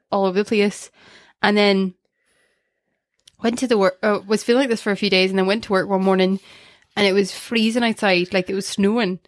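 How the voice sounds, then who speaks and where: A woman's voice: medium pitch, no room sound. Young woman, podcast co-host, chatty and self-mocking, dry close sound. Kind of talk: casual chat.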